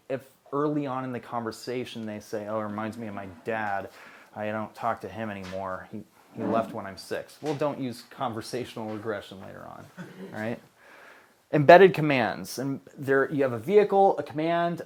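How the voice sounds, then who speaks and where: A man leading a casual training session for a group, talking in bursts with frequent restarts. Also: mid-range voice.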